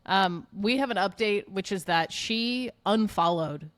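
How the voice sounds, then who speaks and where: A woman's voice: medium pitch, a little slow, no echo. A woman co-hosting a podcast, chatting casually in a teasing, playful way. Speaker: podcast co-host. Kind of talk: casual chat.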